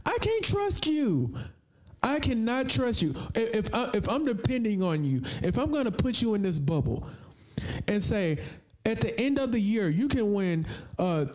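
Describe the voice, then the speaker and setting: High-voiced animated man picking games. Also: normal speed. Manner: animated, stammering, dramatic swings in pitch. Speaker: podcast co-host making picks. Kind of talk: casual sports banter.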